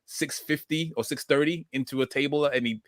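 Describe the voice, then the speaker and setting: A man's voice: on the high side, brisk, a bit bright, no echo, clean studio sound. A man hosting a casual podcast chat, talking hesitantly with many ums and restarts. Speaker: podcast host.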